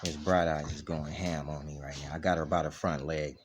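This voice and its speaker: A very deep, steady-toned voice talks briskly as a man plays with his dog for a casual home vlog. Background noise comes through the camera mic indoors, and his rambling chat is full of repeated "you know what I mean."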